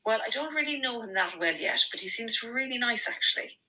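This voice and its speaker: A woman's voice: on the high side, lively intonation, fairly quick, bright, forceful tone, pitched above the performer's own voice, exaggerated voice, low-quality recording. A woman doing a coy, bubbly Irish girlfriend. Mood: chatty.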